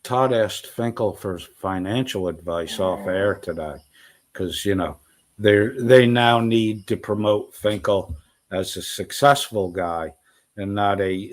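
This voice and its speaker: Scornful man ranting slowly. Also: low-pitched. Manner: scornful, profane and insulting. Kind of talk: ranting commentary.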